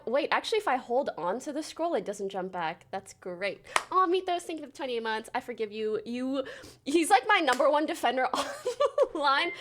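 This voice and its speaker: Chatting casually and talkatively on her livestream, a bubbly woman in her twenties quickly reads off names to thank viewers. Her voice sits high, swings widely in pitch, and sounds a bit bright.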